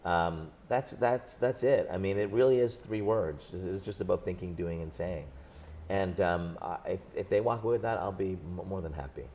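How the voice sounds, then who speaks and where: A man in his thirties, a book's author, talking in an animated, jokey way in an interview on a set. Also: sits low, a little hiss or hum. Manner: animated, jokey, quick bursts. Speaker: author guest. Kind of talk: conversational interview. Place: studio set.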